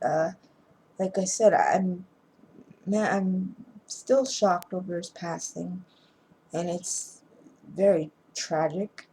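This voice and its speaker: A woman's voice: fairly low pitch, creaky, dark tone, slight background noise, low-quality recording. Sleepy woman rambling through a movie recap. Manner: rambling, halting retelling with many restarts. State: sleepy, yawning. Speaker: amateur movie reviewer. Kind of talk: casual spoken movie recap.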